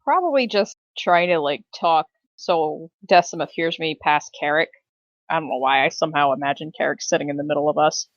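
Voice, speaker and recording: A woman's voice: low-pitched, brisk, dry recording. A woman playing a tabletop game, chatting casually with fillers. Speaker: player. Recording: dull dry sound.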